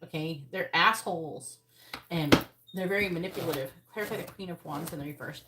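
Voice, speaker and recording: A woman's voice: fairly low pitch, brisk. Blunt, foul-mouthed woman reading tarot. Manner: blunt, profane, sounds angry. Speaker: tarot reader. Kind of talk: live-stream tarot reading. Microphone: earbuds. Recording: loud background noise.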